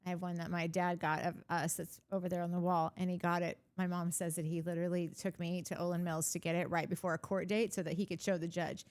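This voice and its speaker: A woman's voice: fairly low pitch, flat delivery, fast, hardly any pauses, darkish tone. A woman co-hosting a casual chat show who laughs often and acts out voices while telling stories. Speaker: podcast co-host.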